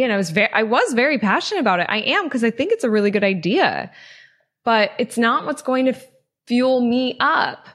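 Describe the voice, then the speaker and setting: A woman's voice: on the high side, animated, fairly quick, fairly bright tone. A woman hosting a casual solo podcast, telling stories in a chatty way, full of "like" and laughing at herself. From not from California. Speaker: podcast host.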